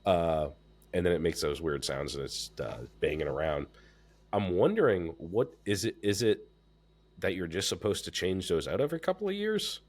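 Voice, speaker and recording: A man with a very deep voice, congested and stuffed up, chatting casually as a podcast host. He talks loosely, with plenty of fillers and swearing. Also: normal speed. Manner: relaxed, swears freely, many fillers. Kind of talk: casual chat.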